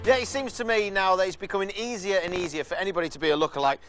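High, fast, excitable male street reporter. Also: over music. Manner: excitable, hurried, coaxing passers-by. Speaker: roving TV reporter. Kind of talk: live outside-broadcast reporting. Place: outdoor street market.

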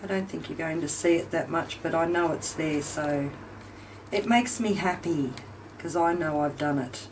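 A woman's voice: deep voice, moderate pace. A woman hosting a craft video, chatting casually and thinking aloud as she works, a little self-deprecating. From Australia. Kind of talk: casual chat while crafting. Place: home craft room with ceiling fan running. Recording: distant mic, faint fan noise.

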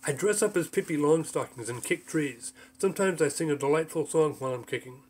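A man's voice: fairly high pitch, fairly quick, slightly rough. A man voicing an absent-minded, breezy male senator.

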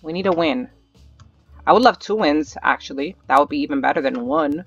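A gaming channel host giving live gameplay commentary, nervous and excitable, urging themself on out loud. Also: medium pitch, brisk, creaky. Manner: excitable, nervous self-talk with repeated urging. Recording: slightly dull lo-fi audio with faint background music.

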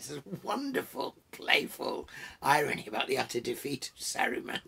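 Gravelly expressive male reader. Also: medium pitch, normal speed. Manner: expressive, relishing. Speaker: poet reading aloud. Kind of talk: storybook reading with commentary.

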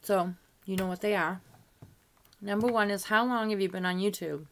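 A woman's voice: mid-range voice, steady tone, moderate pace, a little hiss or hum. An older woman chatting casually to camera as a beauty vlogger, rambling along with frequent asides. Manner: chatty and rambling, with frequent "you know" asides and light laughs.

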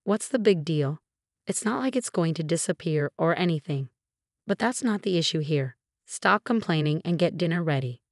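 A woman's voice: sits low, animated, moderate pace, no room sound, clean studio sound. A woman reading the lines of a bossy, scolding older mother-in-law in a story. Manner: scolding, shameless.

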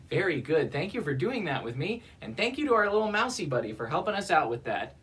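A woman librarian leading a children's sing-along in a library, gentle and soft-spoken, playing along with a mouse puppet. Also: deep voice, sing-song, quick pace. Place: library with a big clock.

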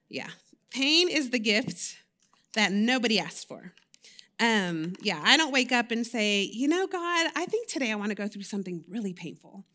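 A woman's voice: medium pitch, pushed and bright. A woman, giving a personal, conversational sermon in a church, candid and confessional, with frequent fillers and self-corrections. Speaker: lay preacher.

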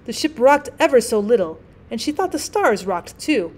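A woman teacher narrating a classic short story as an audiobook, with clear, measured storytelling. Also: a little high, big pitch swings. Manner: clear, measured storytelling with gentle voices for characters.

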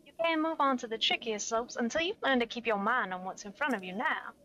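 A gentle, encouraging female surf coach from a game, her voice soft and bright with a touch of tension, lifted a little high, as a woman reads her lines aloud. She keeps things friendly and easygoing, pitched for coaching. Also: fairly quick, low-quality recording. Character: upbeat female shield-surfing instructor. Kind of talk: reading game dialogue aloud.

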